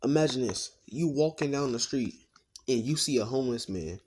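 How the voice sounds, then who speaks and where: Man voicing ruthless teen boy hero, cocky, blunt, slangy, profane, mid pitch. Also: animated, normal speed, a little mellow, slight background noise, lightly acted.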